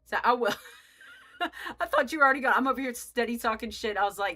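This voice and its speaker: Young woman game streamer, bright and forceful tone, loose rambling chatter, cusses freely, talks straight to chat. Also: fairly high pitch, fast talker. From United States. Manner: rambling, joking, swears freely, chats with viewers. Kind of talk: casual live-stream chat while playing.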